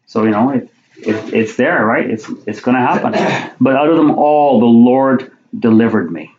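A man's voice: medium pitch, normal speed, a little mellow. A man preaching a sermon, reading Bible verses aloud and then explaining them in plain conversational talk, often repeating his words. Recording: roomy, dull lo-fi sound.

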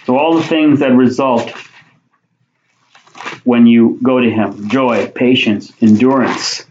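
A man's voice: mid-range voice, fairly even intonation, slow, darkish tone, slight background noise. Guy giving a sermon, reads verses then talks them thru, roomy dull lo-fi sound. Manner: reads King James verses aloud, then explains them conversationally with repeated words. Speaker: preacher. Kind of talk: sermon with Bible reading.

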